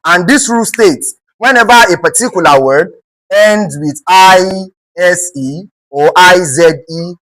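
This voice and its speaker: Heard on poor audio with no room sound, a medium-pitched, slightly bright voice belongs to a Nigerian-accented English teacher prepping a class for exams. The teacher keeps throwing out "what?" and answering it, and spells words one letter at a time before slowly repeating them.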